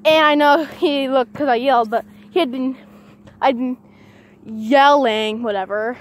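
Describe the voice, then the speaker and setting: A woman's voice: high-pitched, a little slow. A teenage girl vlogging outdoors on a walk, chatting casually into a handheld phone, easily distracted and breaking off to call her dog. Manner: distracted, chatty, keeps calling to her dog mid-sentence. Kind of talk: casual rambling vlog.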